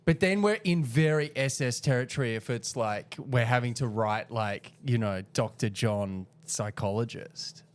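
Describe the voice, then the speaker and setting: A man's voice: mid-range voice, a little slow, hardly any pauses. A man co-hosting a cartoonists' podcast, chatting casually with lots of agreeing and restarts. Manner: chatty, frequent yeahs and restarts. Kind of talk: casual chat.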